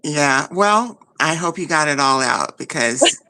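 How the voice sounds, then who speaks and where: A woman's voice: deep voice, animated, a little slow, sharp tone. A woman hosting a casual livestream chat, gushing and effusive, often repeating herself. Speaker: livestream host.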